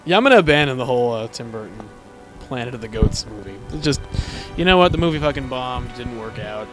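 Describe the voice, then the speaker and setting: A man's voice: mid-range voice, lively intonation, quick pace, fairly bright tone, faint music behind. A man co-hosting a casual chat, joking and swearing as he rambles. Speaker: podcast co-host.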